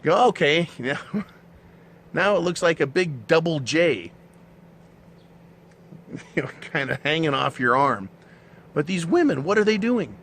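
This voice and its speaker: A man's voice: a little high, sing-song, a little slow, pauses often, a bit bright, a little hiss or hum. A middle-aged man talking in a casual monologue, blunt and profane, ranting with mocking asides. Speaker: channel host.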